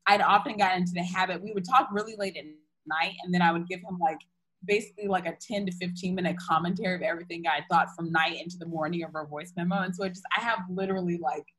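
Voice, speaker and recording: A woman's voice: fairly low pitch, fairly even intonation, fast talker, a bit bright, poor audio. A young woman candidly retelling a personal story in casual chat, full of fillers and restarts.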